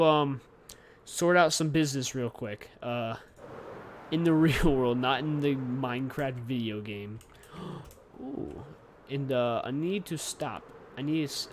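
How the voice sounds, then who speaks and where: A young man narrates his gameplay in a loose, goofy way and talks to his pet and his viewers. His voice sits in an ordinary middle range. Keyboard clicks and typing are clearly heard behind him. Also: medium pitch, a little hiss or hum. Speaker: gaming YouTuber. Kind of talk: casual gameplay commentary.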